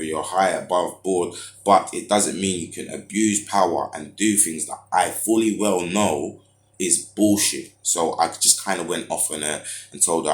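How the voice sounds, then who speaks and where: A young man rants through a casual monologue, heavy with street slang and hesitations. His voice sits low in his chest. The room around him rings with echo. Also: a little hiss or hum. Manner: frustrated storytelling with street slang and many fillers. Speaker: vlogger.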